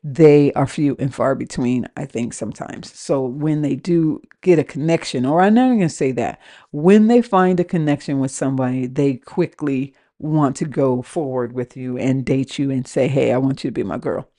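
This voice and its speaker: A woman's voice: very deep voice, normal speed, dark tone. A woman in her fifties from the West Coast, hosting a podcast and ranting casually and candidly about her dating life, swearing freely and acting out both sides of her phone calls. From West Coast of the United States. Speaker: podcast host.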